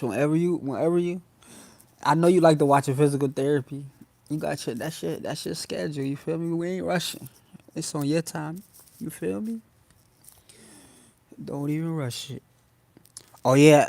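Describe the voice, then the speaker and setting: A man's voice: on the high side, vocal fry, a little mellow, dry recording. A young man hosting a casual phone livestream, talking loosely in slang and addressing his viewers again and again. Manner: loose slangy talk, addresses chat often. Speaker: livestream host.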